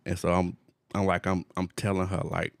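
A man in his forties telling a story in casual chat, animated, laughing often, with slangy phrasing. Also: low voice, normal speed, gravelly, dry recording, studio quality. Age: 40s.

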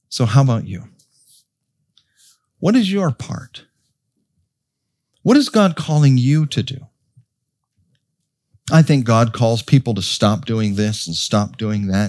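A man preaching a sermon as pastor of a church, slow and emphatic, rising to strong peaks as he calls out to his congregation. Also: medium pitch. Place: church sanctuary. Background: soft piano.

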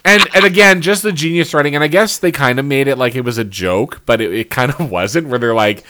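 Dude riffing sarcastically on a bad tv show, swears a lot, laughs a bunch, plain mid voice. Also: male voice, mid-range voice, a little fast, heavy background noise. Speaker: podcast co-host reviewing TV. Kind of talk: casual chat.

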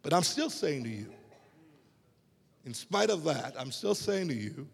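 A man preaching a sermon to a congregation, with emphatic, drawn-out phrases and rhetorical questions. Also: a little high, big pitch swings, gravelly, breathy edge, big-room sound. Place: church sanctuary.

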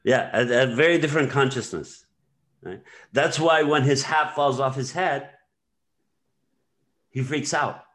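A man's voice: medium pitch, a little slow, pauses often, fairly bright tone. A man hosting a podcast in casual conversation, talking in a meandering way with many fillers as he retells scenes. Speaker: podcast host.

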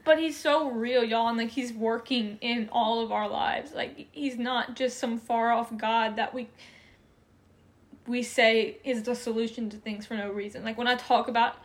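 Young woman, earnest and heartfelt, fairly high voice, casual faith chat, filler-heavy. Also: steady tone, moderate pace. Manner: earnest, emotional, many "like" fillers. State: tearful at times. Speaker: faith podcast co-host.

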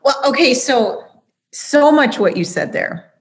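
A woman interviewing a guest, reacting warmly and drawing a lesson from his story for listeners. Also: high-pitched, expressive, unhurried. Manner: engaged, draws lessons for listeners. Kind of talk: conversational interview.

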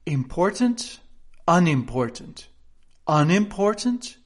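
A man's voice: a little high, fairly even intonation, measured pace. Man doing a pompous, anxious king. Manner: grave, hesitant, self-important.

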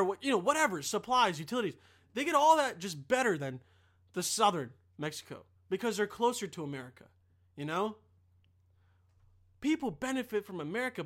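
A man's voice: sits high, a bit bright. A young man ranting in a casual monologue, profane and rambling, often sidetracked.

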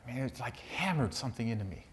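A man's voice: medium pitch, animated, quick pace, a little hiss or hum. A man preaching a sermon, telling a personal story and turning it into earnest reflection. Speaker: pastor.

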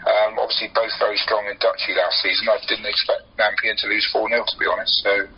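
A man calling in a local football round-up to a radio show. His voice is husky and comes through a dull, phone-like line. He talks unhurriedly, with plenty of ums as he goes through the results. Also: lowish voice, flat delivery. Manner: unhurried, hesitant, frequent ums. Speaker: local football reporter and player. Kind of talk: casual radio sports report.

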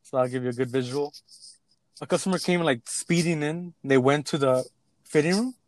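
A man's voice: fairly high pitch, normal speed, dry recording. A young man in casual chat, telling a work story with acted-out quotes and plenty of swearing. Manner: animated storytelling, acts out quotes, swears freely.

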